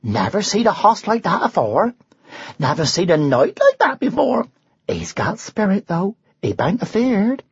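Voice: deep voice, lively intonation, normal speed, hardly any pauses, husky, no echo, lo-fi sound, voice pushed down, heavily acted. A storybook reader voicing a gossiping villager in a broad old-fashioned country dialect. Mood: amused. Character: rustic, gossiping villager in the crowd.

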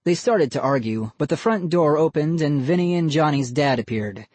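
An expressive audiobook narrator reading a spooky children's story aloud and giving every character a voice. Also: mid-range voice, normal speed, no room sound. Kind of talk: scripted narration.

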